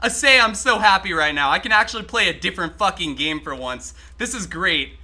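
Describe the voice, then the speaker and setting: A man streaming a game live, chatting excitably with his viewers and swearing freely as he plays. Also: high-pitched, a little fast. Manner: talks to chat while playing. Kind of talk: casual live-stream gaming commentary.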